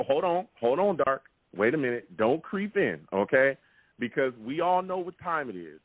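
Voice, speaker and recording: A man hosting a live call-in sports podcast, talking emphatically and repeating himself with excitement. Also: medium pitch, normal speed, no echo. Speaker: sports talk show host. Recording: tinny phone-like, dry sound.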